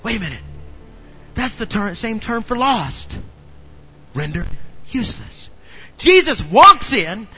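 A male pastor preaching a sermon in an animated way, often questioning the congregation. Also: very high voice, measured pace, highs cut off, faint music behind.

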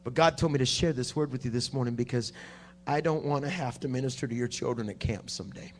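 A man preaching a sermon at a conference, dropping to a hush and then rising to shouting. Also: mid-range voice, fast talker, slight background noise. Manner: swings from hushed to shouting preaching. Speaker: pastor. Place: conference hall.

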